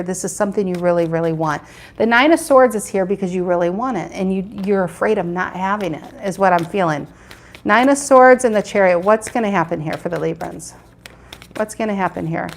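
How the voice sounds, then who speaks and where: A woman doing a live tarot reading, chatting with viewers and repeating her questions as she turns the cards. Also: mid-range voice. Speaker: tarot reader.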